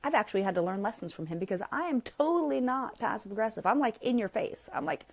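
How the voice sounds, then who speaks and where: Middle-aged woman doing a live parenting q&a, blunt and in your face, voice jumps way up when she makes a point. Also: fast. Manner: blunt, emphatic and frank; animated, with sudden jumps up in pitch. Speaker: parenting coach host. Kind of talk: live Q&A chat reading viewer comments.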